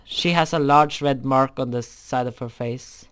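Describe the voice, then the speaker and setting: A man's voice: mid-range voice, measured pace, fairly bright tone, clear, resonant tone. A young man reading a fan story aloud, often stumbling over words and correcting himself.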